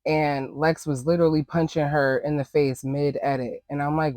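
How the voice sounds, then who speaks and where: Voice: mid-range voice, level tone, normal speed, darkish tone, dry recording. A host giving casual, sassy reaction commentary on a reality show, blunt and full of rambling asides.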